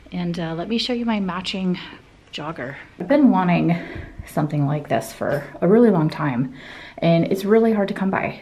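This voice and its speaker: A woman's voice: medium pitch, a little hiss or hum. A young woman vlogging casually, telling stories in a chatty way full of fillers. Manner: chatty storytelling, many fillers like "like". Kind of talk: casual vlog chat. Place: hotel room and outdoor path.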